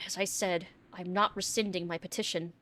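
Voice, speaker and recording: A woman's voice: fairly low pitch, steady tone, brisk, bright, forceful tone. A woman voicing a prim, cagey middle-aged librarian in a game, sweetly polite and calling people dearie. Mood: flustered. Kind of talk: reading game dialogue aloud.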